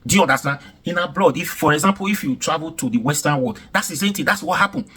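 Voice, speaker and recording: A man's voice: a little high, expressive, quick pace, a bit bright, husky. A man with a Nigerian accent giving heated reaction commentary, indignant and emphatic, with lots of repetition. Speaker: commentary vlogger.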